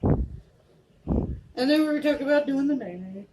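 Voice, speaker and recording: High, lively woman in goofy home chat. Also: measured pace, noisy background. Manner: animated, goofy. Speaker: sister in a home video. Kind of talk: casual storytelling chat.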